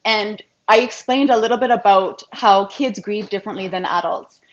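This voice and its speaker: A woman's voice: mid-range voice, moderate pace. Woman in her thirties, interview guest, heartfelt, chatty, dull lo-fi sound. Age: 30s. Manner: heartfelt, chatty, quotes others in lively voices. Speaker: interview guest, financial advisor. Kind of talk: casual interview storytelling.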